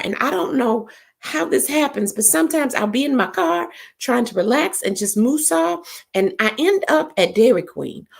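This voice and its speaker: Gravelly-voiced woman. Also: mid-range voice. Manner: encouraging, preachy, talks straight to the audience. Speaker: live-stream host and comedian. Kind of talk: casual chat to viewers.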